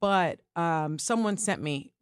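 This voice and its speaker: A woman's voice: lowish voice, clean tone, no room sound, studio quality. A woman co-hosting a podcast, giving her opinions in an emphatic, casual way. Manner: emphatic, opinionated, quick asides. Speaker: co-host.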